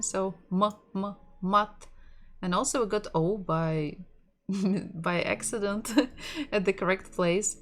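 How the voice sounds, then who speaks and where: With soft lo-fi music playing in the background, a Russian-accented woman in a mid-range voice gives an online language lesson in English. She explains patiently, now and then letting out a soft laugh.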